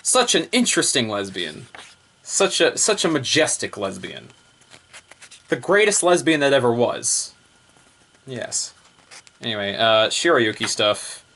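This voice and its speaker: A man's voice: mid-range voice, big pitch swings, measured pace, gravelly, long pauses, bright, forceful tone. Rambling, chuckling male reviewer. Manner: rambling, laughs often, repeats fillers. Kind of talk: casual review vlog.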